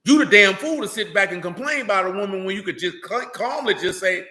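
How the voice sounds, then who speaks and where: A man's voice: high-pitched, fairly quick, few pauses, sharp tone, roomy sound. A man giving an informal, streetwise sermon as a religious teacher, blunt and emphatic, full of slang.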